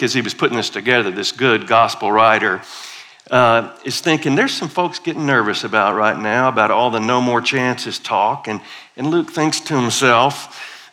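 Bright-voiced preacher, playful. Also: male voice, medium pitch, animated, moderate pace. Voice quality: playful, conversational, leads congregation in call-and-response. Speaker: guest preacher. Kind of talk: sermon.

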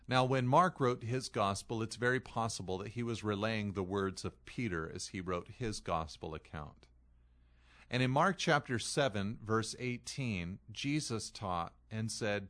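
A man's voice: on the low side, expressive, unhurried, fairly bright tone. A man preaching an expository sermon, reading scripture aloud and then explaining it in an earnest way, leaning hard on key phrases. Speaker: pastor.

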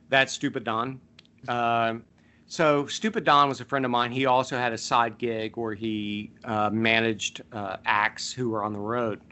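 A podcast host tells stories in a casual, rambling way, packed with fillers. His voice sits at medium pitch, bright and forceful.

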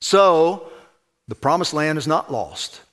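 A man preaching a sermon, emphatic, with loud stressed phrases and hushed low asides. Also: lively intonation, slow. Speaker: pastor.

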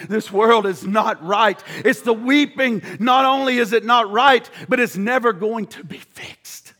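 Middle-aged male preacher, high bright voice, big swings from shouts to hushed lows, church hall echo. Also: a little slow. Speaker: pastor. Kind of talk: sermon. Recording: long hall reverb.

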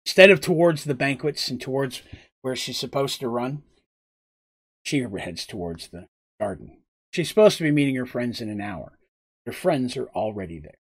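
Lively, husky male storyteller. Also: mid-range voice. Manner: animated, chatty, asides to chat. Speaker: storyteller recapping a game. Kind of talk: casual storytelling on a live stream.

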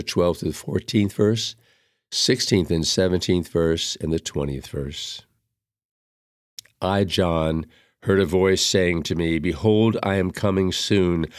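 Low-voiced guy reading mass readings, slow and solemn, dry close sound. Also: no room sound. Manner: measured, solemn recitation. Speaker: liturgical reader. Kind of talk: reading Mass prayers and scripture.

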